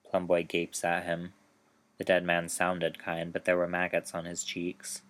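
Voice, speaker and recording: A man reading his own dark short story aloud in a slow, measured storytelling manner. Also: low-pitched, completely flat delivery.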